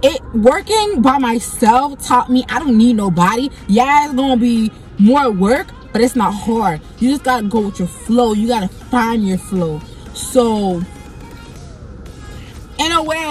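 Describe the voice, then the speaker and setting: A woman's voice: on the high side, unhurried, faint music behind. Blunt, profane young woman telling a story. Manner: blunt, profane and animated, keeps getting sidetracked. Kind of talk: casual storytime monologue.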